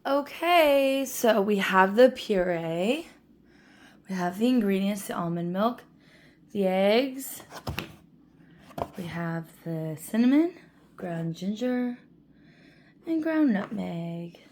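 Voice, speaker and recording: A woman's voice: mid-range voice, lively intonation, slow pace, long pauses, darkish tone. A woman vlogging from her home kitchen while baking, chatty and playful, laughing often. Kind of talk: casual kitchen vlog.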